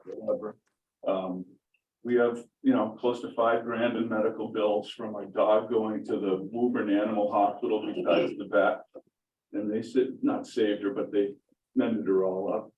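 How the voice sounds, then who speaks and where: A middle-aged man speaks up at a town board meeting, low-voiced and worked up, driving each point home again and again. His voice carries from a good distance off the mic, with the echo of a large meeting room around it. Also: fairly even intonation, normal speed, muffled recording, a little hiss or hum. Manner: emphatic, indignant, repeats points for stress. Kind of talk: public comment at a meeting.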